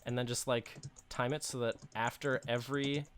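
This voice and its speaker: A man co-hosting a casual gaming podcast, reacting with quick remarks and frequent laughs. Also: medium pitch, flat delivery, a little hiss or hum. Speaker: podcast co-host. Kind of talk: casual chat while gaming.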